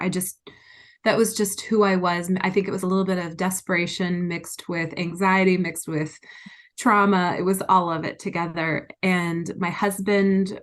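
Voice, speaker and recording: Female guest, middle-aged, lower-pitched, frank and emotional storyteller. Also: fairly even intonation, a little slow. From United States. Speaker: interview guest. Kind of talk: candid personal storytelling.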